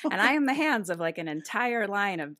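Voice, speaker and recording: Brief: bright-voiced young woman, podcast guest, laughing as she tells stories. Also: medium pitch, lively intonation, fairly quick. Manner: giggly storyteller. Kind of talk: casual chat.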